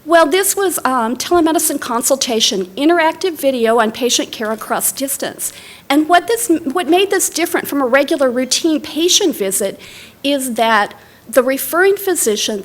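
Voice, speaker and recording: A middle-aged woman giving a lecture as a library director, telling stories in a conversational way with fillers and restarts. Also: on the high side. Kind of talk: academic lecture with personal stories. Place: lecture hall.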